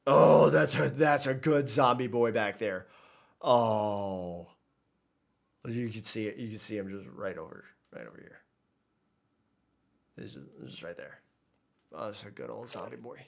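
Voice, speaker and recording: In his fairly low, creaky voice, this man streams a video game and chats loosely with his viewers while he plays, speaking a little slowly and pausing often. The talk is casual, rambling live commentary on the gameplay.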